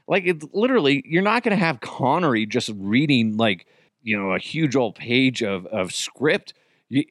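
A man hosting a comedy podcast delivers a casual, comedic monologue, rambling through stories and swearing freely. His pitch jumps all over the place, and he's recorded close and dry with no room sound or echo.

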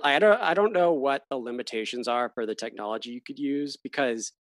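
A man hosting a casual sports podcast, chatty and quick to laugh, often trailing off mid-thought. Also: mid-range voice, dry recording. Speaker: podcast host. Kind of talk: casual chat.

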